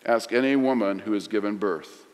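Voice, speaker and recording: A middle-aged man preaching a sermon, swinging from loud emphasis to hushed lines. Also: fairly low pitch, moderate pace. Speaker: pastor. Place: large church sanctuary. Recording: long hall reverb.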